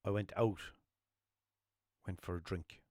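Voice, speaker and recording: A young man with a Limerick Irish accent hosting a solo podcast, rambling and swearing through jokey stories and putting on high voices for the people in them. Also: steady tone, a little slow, a little mellow, no room sound, studio quality. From Ireland. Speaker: podcast host. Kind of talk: casual solo podcast chat.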